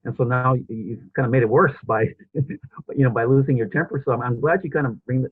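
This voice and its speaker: A man's voice: mid-range voice, fairly quick, no echo. A male podcast host in casual interview chat, rambling with many restarts and fillers. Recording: husky voice over a tinny phone-like line.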